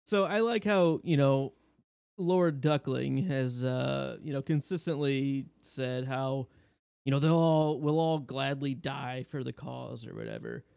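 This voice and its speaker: A man's voice: mid-range voice, measured pace, creaky, darkish tone, clear, resonant tone, dry recording. A man hosting a casual podcast chat, sarcastic and laughing as he retells scenes. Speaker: podcast host.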